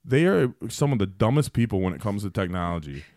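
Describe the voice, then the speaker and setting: A man's voice: fairly low pitch, big pitch swings, quick pace, darkish tone, no room sound, studio quality. A man on a podcast telling long, profane workplace stories in a loose, rambling way full of fillers. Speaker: podcast guest. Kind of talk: casual storytelling.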